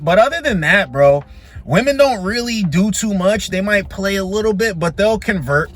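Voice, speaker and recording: A man's voice: high voice, lively intonation, normal speed, soft background music. A young man hosting a dating commentary vlog, talking bluntly and preaching straight to the guys.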